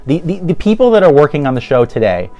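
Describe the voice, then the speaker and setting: A man's voice: on the high side, sing-song, fast, a little mellow, highs cut off. A man giving a sarcastic, exasperated commentary rant, laughing often as he goes. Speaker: YouTuber. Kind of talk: ranting commentary.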